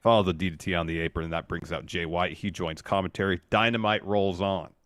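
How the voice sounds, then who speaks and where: A man co-hosting a wrestling podcast, recapping matches in a steady, casual way. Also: deep voice, fast, no echo. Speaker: podcast co-host.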